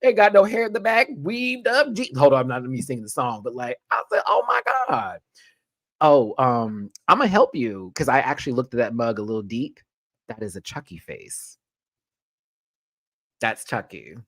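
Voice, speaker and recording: A young man from Houston, hosting a show review as casual chat, sassy and animated, cursing and mimicking others. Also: medium pitch, moderate pace, dry recording, clean studio sound.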